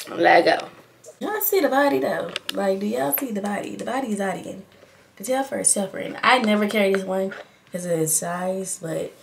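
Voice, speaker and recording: A woman's voice: medium pitch, vocal fry, fairly bright tone, slight background noise. A young woman vlogging in a casual, chatty way, talking straight to her viewers as a mother.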